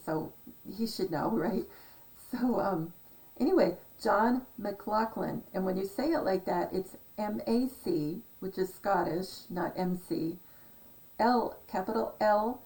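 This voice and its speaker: Excitable rambling woman, off-mic. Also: mid-range voice, distant mic, low-quality recording. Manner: chatty, excitable, trailing off with fillers. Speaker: vlogger decoding numbers. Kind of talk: casual rambling monologue.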